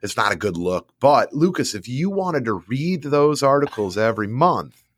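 A man's voice: medium pitch, very animated, moderate pace, fairly bright tone, husky. A man appearing as a guest on a podcast, bantering good-naturedly and laughing often. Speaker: guest, publishing executive. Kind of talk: casual interview chat.

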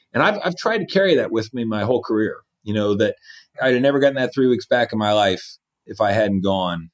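Army general guy in his 50s, earnest interview storytelling, does little voices for people he quotes. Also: mid-range voice. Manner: earnest, acts out quoted dialogue. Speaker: Army division commander.

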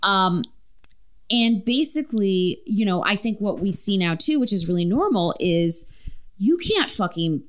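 A woman's voice: medium pitch, lively intonation, a little slow. Chatty swearing woman podcast host. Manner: chatty, swears freely, lots of fillers. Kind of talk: casual podcast chat.

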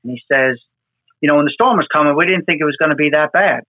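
A fast-talking man with a slightly high voice describes his disaster response work with a New York fire department team. He's earnest and emotional, often repeating words in his conversational storytelling. The recording is dry and tinny, like a phone line.

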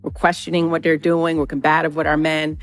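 A woman's voice: sits low, level tone, a little fast. A woman being interviewed, reflecting in a thoughtful, conversational way. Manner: thoughtful, laughs at her own realization. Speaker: interview guest.

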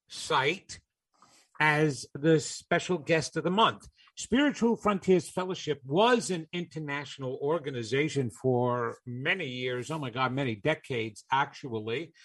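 A man's voice: fairly high pitch, a bit bright. A man hosting a live call-in radio show, chatting in a rambling, self-amused way.

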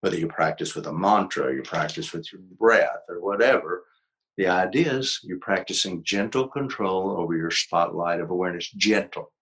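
Older man, interview guest, low voice, emphatic and reflective. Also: normal speed, fairly bright tone, low-quality recording. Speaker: psychologist and author, interview guest. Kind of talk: conversational interview.

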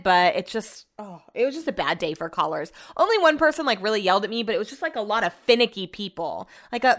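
A woman's voice: medium pitch, a bit bright. A young woman vlogging, telling everyday stories in a chatty, exasperated way and swearing casually. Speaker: vlogger and radio host. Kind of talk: casual storytelling vlog.

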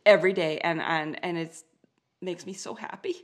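A woman's voice: on the low side, normal speed. A woman in her forties hosting a casual interview, upbeat and enthusiastic, laughing easily. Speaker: podcast host.

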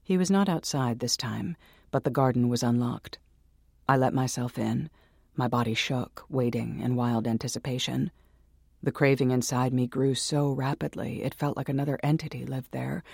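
A man narrating a horror story in a slow, hushed and ominous way, close to the mic. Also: mid-range voice, steady tone, gravelly, breathy edge, no room sound. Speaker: narrator and host.

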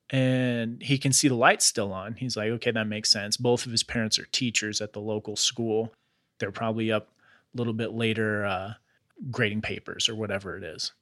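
A man with a bright, forceful voice recounts a strange tale in a casual podcast chat. He uses loose slang like "bro" and "dude" and keeps an easy conversational flow. The sound is close and dry. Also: fairly low pitch, no echo. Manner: relaxed retelling with slangy asides like "bro" and "dude". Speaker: podcast host.

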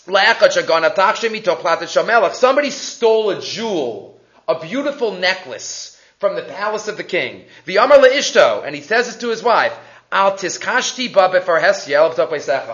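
Man teaching Torah, high lively voice, echoey dull recording. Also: normal speed. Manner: mixes Hebrew and Aramaic quotes into English explanation; animated, rhetorical questions. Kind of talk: Torah class. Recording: echoey muffled room recording.

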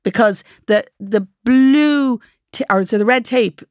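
A woman's voice: fairly high pitch, measured pace, darkish tone, no room sound, clean studio sound. An Irish woman co-hosting a podcast, chatting wryly and laughing often. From Ireland. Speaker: podcast co-host. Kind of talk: casual chat.

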